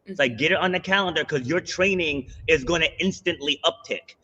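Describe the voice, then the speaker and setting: Bright, husky-voiced male podcast host. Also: fairly high pitch, brisk, dull audio. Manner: animated storyteller, acts out quotes. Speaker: podcast host and fitness coach. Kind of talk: casual interview storytelling.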